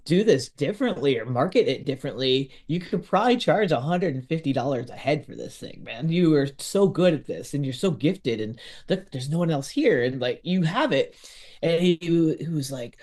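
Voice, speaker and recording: Animated storytelling man, slightly high voice. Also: moderate pace. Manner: lively, acts out quotes of others. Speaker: podcast host telling a story.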